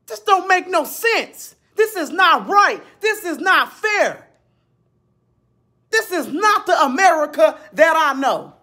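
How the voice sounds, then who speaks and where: A man delivering an angry political rant to the camera, often shouting, repeating himself and swearing bluntly. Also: very high voice. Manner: shouting, repetitive, blunt and profane. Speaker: video blogger.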